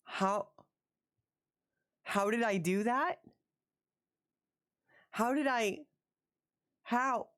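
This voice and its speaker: Her voice sits a little high, and she talks extremely slowly with frequent pauses while casually chatting to her stream viewers. She's excitable, foul-mouthed, and keeps repeating one phrase.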